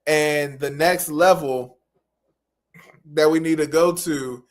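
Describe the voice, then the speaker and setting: A man's voice: fairly high pitch, fairly even intonation, takes it slowly. A man coaching interpreters in a live-stream feedback lesson. He explains things patiently and encouragingly, repeating his key phrases.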